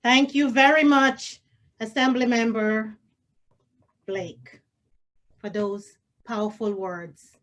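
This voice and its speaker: A woman emceeing a virtual event, introducing speakers in a measured, formal way. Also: fairly high pitch, fairly even intonation. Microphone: video call.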